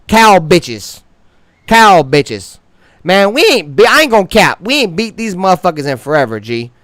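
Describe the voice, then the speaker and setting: A brash man rants through a fan sports show with cocky, profanity-laced slang, pushing his voice loud and high when he is fired up. His voice sits a bit high and sounds smooth and clear, recorded in a dry, close space. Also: big pitch swings, moderate pace, dry recording. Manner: swaggering, heavily profane slang. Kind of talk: profane sports trash talk monologue.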